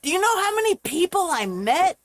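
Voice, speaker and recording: A woman's voice: very high-pitched, sing-song, fairly quick, dry recording. A woman streamer on a livestream, ranting in a heated, profane way. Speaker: live streamer.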